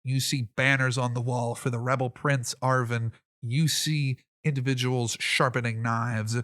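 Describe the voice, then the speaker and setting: A man runs a tabletop game with lively, amused narration in a mid-pitched voice. He talks the way someone would in casual conversation. The sound is dry and close. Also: a little slow, no room sound. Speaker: game master.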